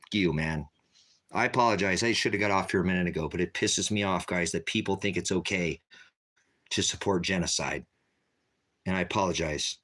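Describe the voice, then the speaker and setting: A man preaching on a livestream, ranting forcefully and repeating himself. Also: deep voice. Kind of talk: heated livestream rant.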